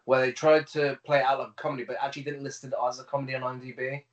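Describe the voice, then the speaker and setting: A man's voice: medium pitch, very fast. A man co-hosting a podcast, chatting casually about a film with lots of swearing and laughter. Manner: swearing, laughing, animated storytelling. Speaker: podcast co-host. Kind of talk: casual film review chat. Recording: roomy, distant, dull sound.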